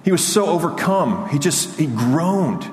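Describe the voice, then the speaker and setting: A man's voice: lively intonation, a little slow. Earnest male preacher in an echoey hall. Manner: earnest, rises and speeds up with fervor, drops low on key lines. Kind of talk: sermon. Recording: echoey hall, faint background noise.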